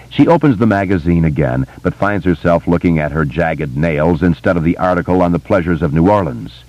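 A man narrating a novel in a steady, measured reading voice. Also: sits low, no room sound. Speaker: audiobook narrator. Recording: dull, dry lo-fi recording.

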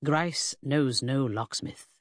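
A woman's voice: very deep voice, slow pace, no echo. A woman voicing a pedantic male Victorian detective in an audiobook, dry and precise. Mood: deadpan.

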